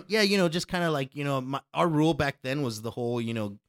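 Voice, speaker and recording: A man spinning a rowdy anecdote, swearing freely and jumping into loud impressions of the people in it. His voice sits at an ordinary middle pitch. The sound is dry and close, with no room around it. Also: a little fast, dry recording. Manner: profane, animated, acts out quotes loudly. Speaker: DJ telling a story. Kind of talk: casual storytelling chat.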